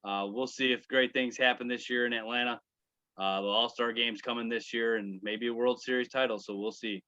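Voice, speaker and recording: A man's voice: medium pitch, fairly even intonation, brisk, bright, forceful tone, no echo. A man co-hosting a podcast, chatting casually and easygoing as he wraps up the show. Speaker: podcast co-host. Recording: dull, dry lo-fi mic.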